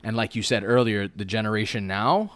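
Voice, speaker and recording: A man's voice: fairly low pitch, a little fast, a bit bright, clear, resonant tone, dry recording. A man co-hosting a podcast in casual, slang-heavy chat, often asking "you know what I mean". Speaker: podcast co-host.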